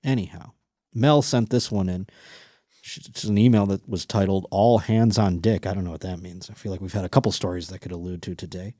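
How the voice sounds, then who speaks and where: A man's voice: sits low, steady tone, a little fast, warm tone, no room sound. Dry-sounding crude comedic podcast host man. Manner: crude, sarcastic riffing on listener stories. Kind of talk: comedic news commentary.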